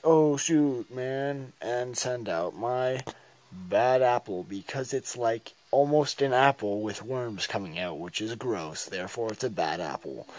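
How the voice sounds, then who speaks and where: A man's voice: mid-range voice, darkish tone. A man casually narrating his turn-by-turn game battle in a goofy, rambling way, acting out his own reactions.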